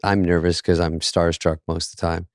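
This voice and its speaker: Deep-voiced man hosting a chatty podcast. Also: little pitch movement, moderate pace, dry recording, clean studio sound. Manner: loose anecdotal storyteller. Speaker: podcast co-host. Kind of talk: casual podcast chat.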